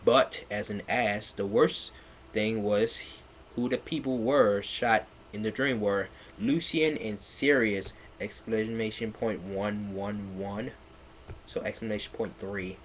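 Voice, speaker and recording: A man's voice: on the low side, fairly even intonation, slow pace, slight background noise. A man giving a mocking live read-aloud of a piece of fan fiction, laughing, swearing and stumbling over its misspellings. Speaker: livestreamer.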